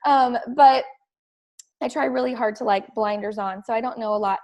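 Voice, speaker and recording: A woman, a fitness coach talking excitedly and casually to her team on a call, full of "like" fillers. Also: a little high, moderate pace. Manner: chatty and excitable, heavy use of "like".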